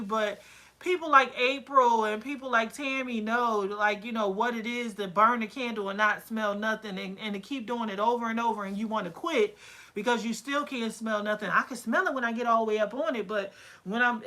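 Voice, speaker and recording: An excitable woman chats on a livestream, rambling happily through fillers and quoted asides. Her voice sits a little high and rings bright. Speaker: candle-making business owner. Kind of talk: casual livestream chat.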